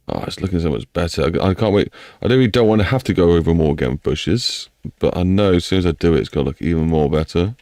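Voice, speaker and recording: A deep-voiced English man rambles his way through a casual live stream, chatting to viewers and to himself as he works. His voice has a gravelly, rough edge. The sound is close and dry, with no room around it. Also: darkish tone, no room sound. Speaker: livestreamer building a game map.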